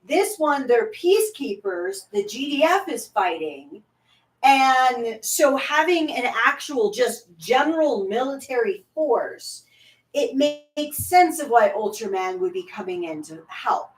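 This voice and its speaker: This co-host is a woman with a slightly high, somewhat slow voice that swings widely in pitch. She reacts casually and bluntly, swearing often while nursing a headache. The room is echoey and she sits far from the mic.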